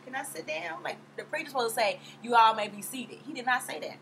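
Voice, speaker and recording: A young woman casually recapping a TV episode in a sassy, animated way, acting out quotes in high voices. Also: fast talker, gravelly, a little hiss or hum. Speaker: vlogger reviewing a TV episode.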